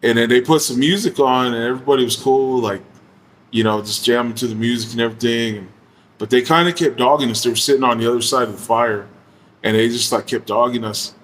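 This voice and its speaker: A man telling a story in a relaxed, casual way, full of slang, swearing and fillers like "you know". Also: mid-range voice, fast talker, a little hiss or hum. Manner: laid-back, slangy and profane, heavy use of fillers.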